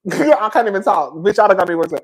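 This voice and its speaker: Animated trash-talking reality TV commentator. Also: male voice, high voice, quick pace. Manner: animated, swearing, says girl constantly, laughs. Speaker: host.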